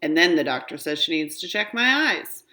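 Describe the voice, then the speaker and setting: Low-voiced woman reading a children's book. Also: normal speed. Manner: expressive first-person narration. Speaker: storybook reader.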